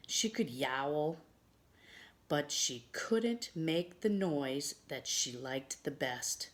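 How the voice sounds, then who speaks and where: A woman reading a picture book aloud to children in an expressive way, adding asides for her young listeners. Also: sits low, drawn-out words. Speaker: children's storyteller.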